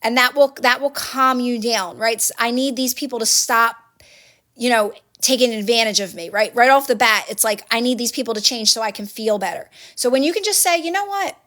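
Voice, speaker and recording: A woman's voice: on the high side, fairly quick, fairly bright tone. A woman hosting a phone livestream, giving casual motivational advice to viewers in an earnest, repetitive coaching manner. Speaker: livestream host.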